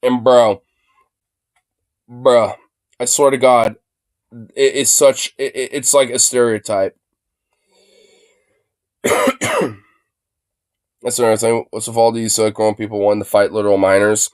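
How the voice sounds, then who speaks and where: A man's voice: mid-range voice, flat delivery, a little slow, pauses often, darkish tone, smooth, no echo, studio quality. A young man streaming from his phone, reacting to a video in a loose, profane rant full of fillers. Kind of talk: casual ranting commentary.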